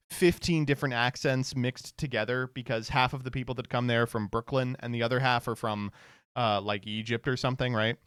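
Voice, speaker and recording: A man's voice: mid-range voice, a bit bright, clear, resonant tone, no echo, clean studio sound. A man streamer giving casual reaction commentary, sardonic and profane, laughing often.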